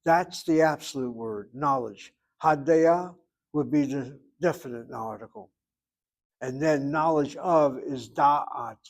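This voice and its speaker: Speaking slowly in a slightly high voice, an older man from the United States leads a Hebrew grammar lesson. He digresses often and carefully exaggerates the pronunciation of words he wants his students to repeat.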